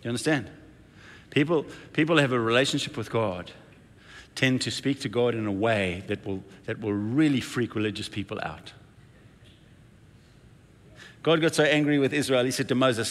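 Storytelling pastor in an echoing hall. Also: male voice, medium pitch, normal speed, pauses often, a bit bright. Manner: storytelling with playful acted-out quotes. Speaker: senior pastor. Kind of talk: sermon.

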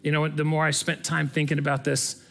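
A middle-aged man preaching a sermon in an earnest, conversational way. His voice sits a little higher than most men's. He leans on plain storytelling rather than grand oratory. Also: monotone, a little fast, creaky, a bit bright. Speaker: pastor.

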